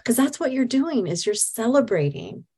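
A woman's voice: fairly high pitch, big pitch swings, moderate pace, darkish tone, husky. A woman guest, a hypnotist, speaking in an earnest, enthusiastic and reflective way. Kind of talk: casual chat.

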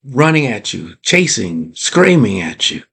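A male podcast host with a low, gravelly voice talks at an unhurried pace, stretching his words out. He speaks in a motivational monologue and keeps asking his listeners rhetorical questions. His tone is a little husky. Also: very animated, fairly bright tone. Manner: drawn-out, deliberate delivery.

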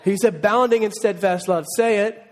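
A man preaching a sermon as pastor, animated and joking, leading the congregation in call-and-response. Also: high voice, normal speed, some chatter behind. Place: church sanctuary. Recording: long reverb of a church hall.

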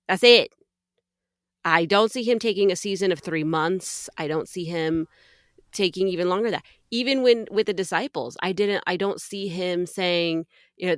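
A woman's voice: fairly low pitch, moderate pace, no echo, clean studio sound. Earnest, preachy podcast woman. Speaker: podcast co-host. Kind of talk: conversational faith podcast.

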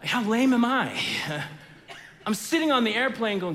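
A man preaching in a big hall with long reverb, his voice high and bright for a man. He tells a story, then teaches, swinging from loud bursts down to hushed, low lines. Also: lively intonation, a little slow. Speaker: pastor. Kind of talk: sermon.

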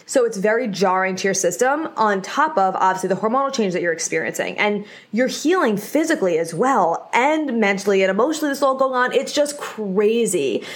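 A woman's voice: mid-range voice, animated, fairly quick, few pauses. Chatty young woman, candid podcast talk. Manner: chatty, candid, many "like" fillers; addresses listeners directly, reassuring. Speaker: podcast host. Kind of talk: casual solo podcast talk.

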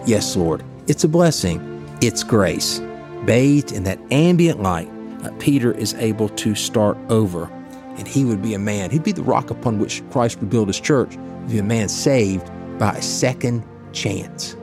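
A man's voice: lowish voice, expressive, a little slow, over music. A middle-aged male pastor giving a conversational Bible reflection, reading scripture and then telling stories. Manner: storytelling, reads scripture then chats.

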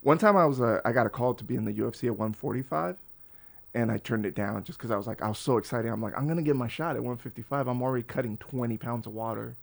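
This podcast guest, a man in his forties, has a mid-range voice with vocal fry and talks fast. His casual storytelling is animated and full of profanity, and he performs the voices of the characters he describes.

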